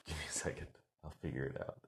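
A man's voice: a bass voice, flat delivery, fast talker, gravelly, breathy edge. A man giving an earnest, motivational casual talk, rambling with fillers and repeated words.

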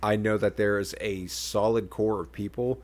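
A man chatting casually on a podcast, answering in a quiet, laid-back way. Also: on the low side, fairly even intonation, normal speed.

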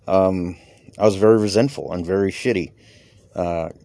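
With a deep, mellow voice at a moderate pace, a comedian-podcaster who is a father himself talks through personal reflections. He's rambling and candid, swearing casually. The recording has no echo.

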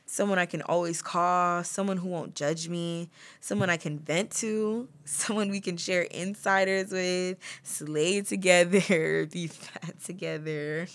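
Candid, confessional young woman podcaster, low-pitched. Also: a bit bright. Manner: candid, confessional, laughs often mid-sentence. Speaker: podcast host. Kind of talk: personal storytelling monologue.

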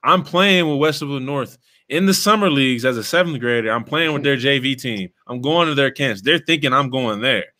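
A young man hosting a casual chat, telling a story in an animated, slangy way and calling his listener bro. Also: mid-range voice, brisk. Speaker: podcast host, former player.

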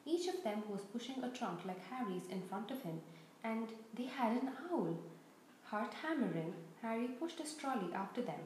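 A woman's voice: fairly high pitch, moderate pace. Woman reading a story aloud in an echoey room. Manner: expressive, steady storytelling. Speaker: reader. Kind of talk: storybook read-aloud narration. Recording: very echoey room, faint noise.

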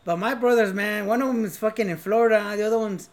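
Relaxed man co-host, thirties, easygoing bro talk. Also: high voice, quick pace. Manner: laid-back, calls people bro, laughs easily. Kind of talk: casual chat.

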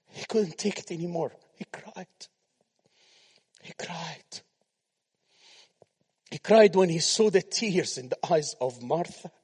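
Male preacher, high and measured, dramatic loud-soft delivery, reverberant church hall. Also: husky. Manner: dramatic swings between loud declarations and soft near-whispers. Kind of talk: sermon.

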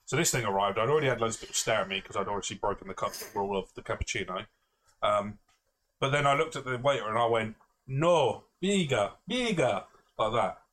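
A man's voice: lowish voice, quick pace, a bit bright. A man, a podcast co-host, telling a rambling self-mocking story in casual chat, swearing freely and laughing often.

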